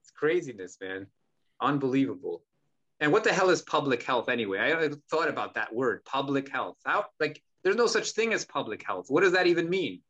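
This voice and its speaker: A man's voice: medium pitch, big pitch swings, fairly quick, fairly bright tone, highs cut off. A man hosting a podcast who rants in heated, emphatic talk and swears a lot. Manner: profane, ranting, emphatic. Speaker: podcast host.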